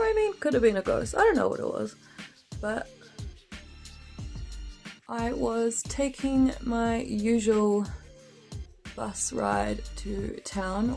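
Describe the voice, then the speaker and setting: Slow-talking chatty New woman. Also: medium pitch, vocal fry, a little mellow. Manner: chatty, laughs often, full of fillers and slang. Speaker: beauty vlogger. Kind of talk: casual storytime chat while doing makeup.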